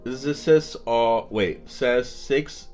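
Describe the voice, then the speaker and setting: A young man hosting a casual unboxing vlog, talking in an excitable, gushing way with lots of ums and restarts. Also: mid-range voice, slow pace, soft background music. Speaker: vlogger.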